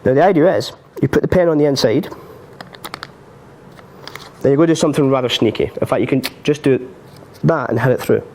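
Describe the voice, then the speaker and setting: Man, magic tutorial on a live stream, chatty, jokes at his own expense, laughs a lot, ordinary middle pitch. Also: fairly quick, long pauses, a little mellow, slight background noise. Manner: chatty and self-mocking, laughs often. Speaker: magic instructor.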